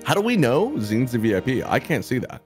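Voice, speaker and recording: A man's voice: mid-range voice, very animated, a little fast, a little mellow, faint music behind. Defensive man protesting in a game. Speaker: player in a group game. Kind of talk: casual gaming chat.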